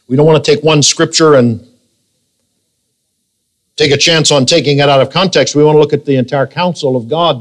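A male pastor preaching a sermon, emphatic and reading scripture in a slow, drawn-out way. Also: a little high.

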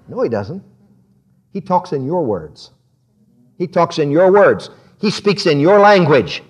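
A man's voice: a little high, very animated, a little slow, slightly rough. A man preaching a sermon in a church service, talking frank and conversational, breaking into laughter as he speaks.

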